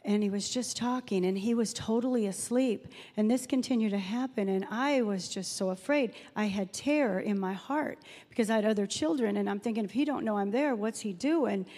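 In a reverberant hall, a middle-aged guest speaker at a church's Mother's Day service preaches a chatty sermon of personal stories and scripture readings. Her voice is medium in pitch and dark in tone, and she moves briskly with hardly any pauses.

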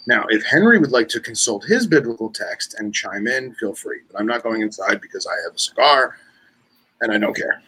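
A man's voice: lowish voice, expressive, brisk, sharp tone, breathy edge, poor audio. A man speaking as a podcast guest in casual chat, laid-back and blunt.

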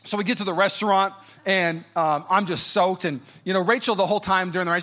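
A man in his thirties preaches with a high, bright voice that is full of energy. He tells stories about his own life, jokes with the congregation and slips into exaggerated voices to act out what people said. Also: quick pace. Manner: animated, jokey, acts out quotes in high-pitched voices. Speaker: pastor. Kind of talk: sermon with personal storytelling.

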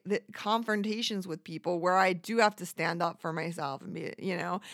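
A woman's voice: mid-range voice, a bit bright, no room sound. Profane rambling woman ranting, dry sound. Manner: profane, rambling, self-deprecating; acts out quoted voices. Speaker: monologuist. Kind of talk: casual rant.

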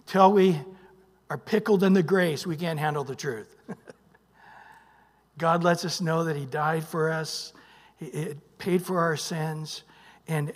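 A male pastor preaching a sermon, emphatic, swinging from loud bursts to hushed near-whispers and prompting the congregation with "what?". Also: fairly high pitch, big-room sound. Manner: emphatic, calls out "what?" for the congregation to fill in verses. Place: church sanctuary.

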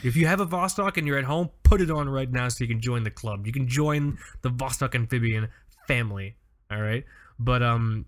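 A man co-hosts a casual podcast, wired from drinking coffee late in the day. He tells animated stories and swears freely as he goes. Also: mid-range voice, moderate pace. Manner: animated, profane storytelling. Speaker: podcast co-host. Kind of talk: casual chat.

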